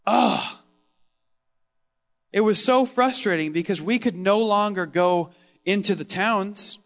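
Man, preacher, higher-pitched voice, first-person dramatic sermon monologue, expressive, loud then hushed. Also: takes it slowly. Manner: expressive storytelling, swinging from loud exclaims to hushed tones.

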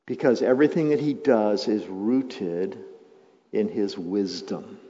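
A male pastor preaching a sermon, moving from quiet, reflective passages to loud, emphatic build-ups. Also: lowish voice, slow pace. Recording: muffled sound with long hall reverb.

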